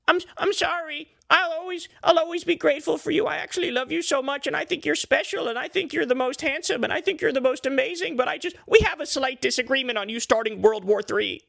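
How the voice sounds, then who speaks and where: Man mocking a simpering toady, high squeaky pitch, sarcastic, groveling, fawning. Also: fast talker, vocal fry, few pauses, fairly bright tone, dry recording, studio quality, exaggerated voice. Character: groveling, fawning grown man pleading with his boss.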